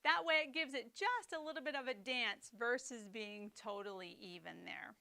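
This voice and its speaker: Woman, percussion teacher, bright voice, smooth and clear, methodical instruction. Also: fairly high pitch, moderate pace. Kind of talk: instructional lesson.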